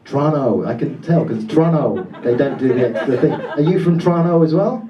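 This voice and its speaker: A man from Britain doing stand-up crowd work, swearing and laughing as he fires off quick, self-interrupting banter. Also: fairly high pitch, animated. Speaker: stand-up comedian. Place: comedy club stage before a laughing audience. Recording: roomy club sound from a distance, dull.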